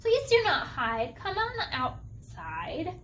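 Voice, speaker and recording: A woman's voice: very high-pitched, big pitch swings, takes it slowly, a bit bright, slight background noise, exaggerated voice, poor audio. A woman voicing a puzzled, friendly bear in a picture book, asking one question after another. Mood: welcoming. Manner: keeps asking who, rising insistent questions.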